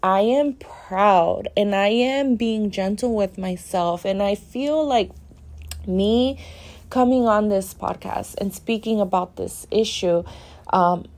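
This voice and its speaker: Woman, spiritual podcast monologue, slow-paced, earnest, emotional, lots of filler words. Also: medium pitch, darkish tone. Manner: mixes in Spanish phrases.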